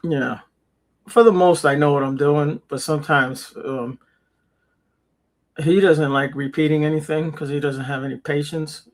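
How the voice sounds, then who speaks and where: A man's voice: on the high side, fairly even intonation, a little slow. A man in a casual chat who laughs often and swears casually as he talks.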